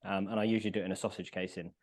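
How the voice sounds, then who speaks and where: A man's voice: low-pitched, little pitch movement, very fast, darkish tone. A male podcast host in casual chat, talking through a mouthful and murmuring between words. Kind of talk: casual chat while tasting food.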